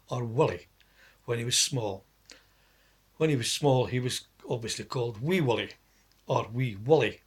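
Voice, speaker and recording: A man's voice: medium pitch, husky. A man telling a long spoken joke story, rambling, stopping to correct himself and laughing at his own jokes.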